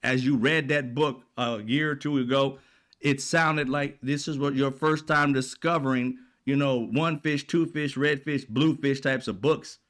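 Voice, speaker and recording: A man's voice: medium pitch, steady tone, a little slow, a bit bright. A man hosting political commentary, ranting in a blunt, profane, exasperated way.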